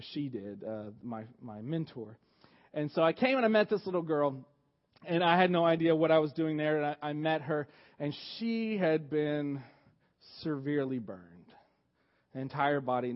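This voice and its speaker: A man preaching a sermon, swinging between loud emphatic lines and quiet hushed passages. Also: mid-range voice. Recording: dull lo-fi sermon recording.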